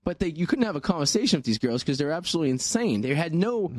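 Fast-talking joking male radio host. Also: a little high, big pitch swings, a little mellow, dry recording, studio quality. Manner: joking, rambling, crude. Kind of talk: casual banter radio talk.

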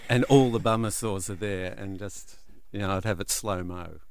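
A man, a guest author on a radio show, telling stories in a relaxed, amused way. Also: lowish voice, moderate pace, a crowd in the background. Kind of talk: casual radio interview. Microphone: studio microphone.

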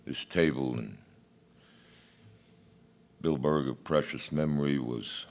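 Very deep-voiced male preacher. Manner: reflective, halting delivery. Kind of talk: sermon.

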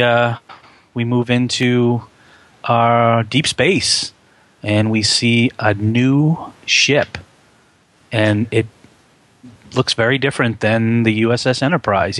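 A man's voice: medium pitch, fairly bright tone, no echo. A man co-hosting a podcast, chatting casually about a film with many fillers and restarts. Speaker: podcast co-host.

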